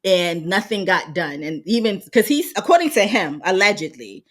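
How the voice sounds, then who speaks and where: A woman's voice: mid-range voice, moderate pace. A woman hosting a casual podcast chat, telling stories expressively and laughing as she talks. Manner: expressive storyteller, laughs while talking. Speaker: podcast host.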